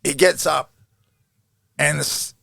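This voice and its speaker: A middle-aged Australian man with a heavily gravelly, fry-laden voice spins a casual yarn, swearing freely and chuckling between stories. The sound is dry and close, with no room around it. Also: a little high, fairly even intonation, slow pace, pushed and bright, dry recording. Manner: swears freely, laughs through his stories. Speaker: guest, former rugby league player. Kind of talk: casual storytelling interview.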